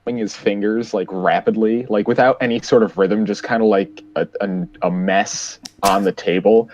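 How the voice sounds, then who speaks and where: A man's voice: fairly low pitch, steady tone, normal speed, a little mellow, lo-fi sound. A man playing a tabletop game, casual and playful. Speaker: player.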